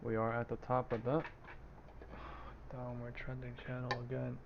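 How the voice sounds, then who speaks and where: A man out of breath, giving flat, muttered commentary on stock charts during a live trading stream. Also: medium pitch, moderate pace, vocal fry, highs cut off, heavy background noise.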